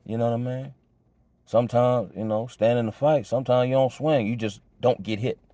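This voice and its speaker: A man's voice: mid-range voice, fairly even intonation, brisk, mellow, dry recording. A man giving life advice in a casual monologue, laid-back and slang-heavy, often checking in with "you know what I'm saying". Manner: reflective and earnest. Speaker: vlogger sharing life advice.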